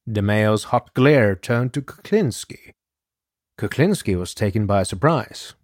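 A man's voice: fairly low pitch, animated, a little slow, no room sound, clean studio sound. A man narrating a scripted true-crime story in a dramatic manner, speaking straight to the listener. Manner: addresses the listener directly, dramatic. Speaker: podcast narrator.

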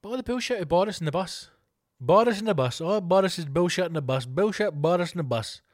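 Scottish man, podcast host, fairly high voice, swearing, ranting over news stories. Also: animated, quick pace. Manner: reads news items aloud and riffs on them.

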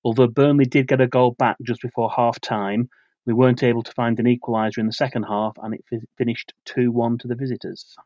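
A man co-hosting a football podcast, reading out a prepared match preview in a steady, measured way. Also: medium pitch, dry recording, muffled recording. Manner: steady, measured delivery of facts and dates.

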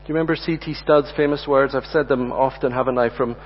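A man's voice: medium pitch, steady tone, quick pace, a little hiss or hum. Earnest preacher man in a reverberant hall. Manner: earnest, repeats words when stressing a point. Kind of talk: sermon. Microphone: lectern mic. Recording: dull audio with long hall reverb.

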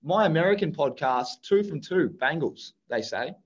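A man's voice: on the high side, lively intonation, moderate pace, husky, lo-fi sound. An Australian man co-hosting a podcast, talking sports picks in an enthusiastic, chatty way. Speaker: podcast co-host. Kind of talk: casual sports chat.

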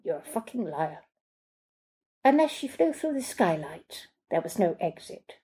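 A woman reading her own short story aloud in a measured, understated narration. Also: medium pitch, dark tone, breathy edge. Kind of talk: literary reading.

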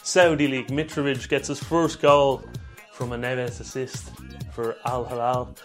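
A man's voice: mid-range voice, level tone, faint music behind. A man co-hosting a football podcast, chatting casually and running through match results with dry asides. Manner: banter, quick rundown of results. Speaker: podcast co-host.

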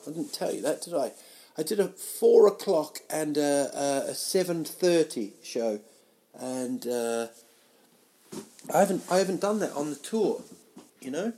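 A man rambling through a comic monologue, mocking himself and jumping into loud, silly voices. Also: mid-range voice. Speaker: comedian doing a solo audio show.

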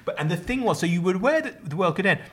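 A man's voice: high-pitched, very animated, rapid-fire, fairly bright tone. A man, co-hosting a casual chat and telling rambling comic stories. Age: 50s. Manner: rambling, comic, acts out quoted voices. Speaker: podcast co-host.

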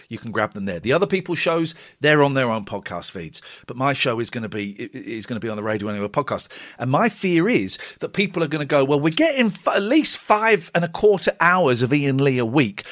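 A man's voice: mid-range voice, a bit bright. A man in his forties hosting a late-night radio show alone from home, chatty, rambling and self-deprecating. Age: 40s. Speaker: radio host. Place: home, cold room.

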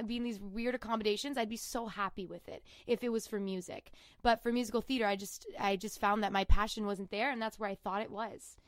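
A woman's voice: fairly high pitch, a bit bright, clean tone, no echo, clean studio sound. A young woman in her twenties from Canada, a singer-songwriter guest chatting in an interview, rambling with lots of fillers. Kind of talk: casual interview chat.

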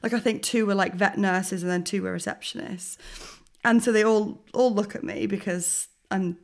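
A young woman co-hosting a podcast, chatting casually and laughing through her own story. Her voice sits mid-range and she tells it with animated, self-mocking energy. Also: medium pitch, normal speed. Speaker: podcast co-host. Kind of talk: casual chat.

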